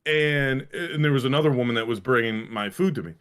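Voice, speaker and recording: A man's voice: medium pitch, brisk, fairly bright tone, smooth. A man co-hosting a podcast in casual chat, rambling and swearing with lots of fillers and restarts. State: a little winded. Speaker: podcast co-host.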